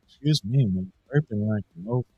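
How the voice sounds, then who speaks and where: A man's voice: fairly low pitch, normal speed, breathy edge, muffled recording. A man co-hosting a podcast over a video call, talking loosely and joking with plenty of swearing. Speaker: podcast co-host. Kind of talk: casual chat.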